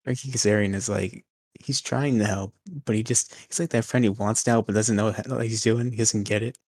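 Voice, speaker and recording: Low-voiced man recapping in casual chat. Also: steady tone, a little fast, darkish tone, no room sound. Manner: recaps events, acts out short silly voices. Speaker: podcast co-host.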